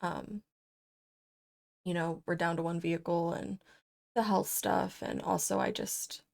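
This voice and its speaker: A woman's voice: fairly low pitch, steady tone, measured pace, creaky, darkish tone. A young woman talking in an unedited personal vlog, rambling with lots of fillers and growing tearful as she speaks. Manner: rambling, filler-heavy, openly emotional. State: tearful, crying. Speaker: vlogger.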